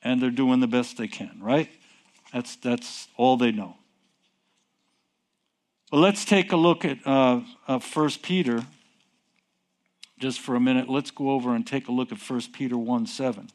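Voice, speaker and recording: A man's voice: medium pitch, measured pace, long pauses, darkish tone. A man preaching a sermon, asking the listeners questions and repeating his key phrases.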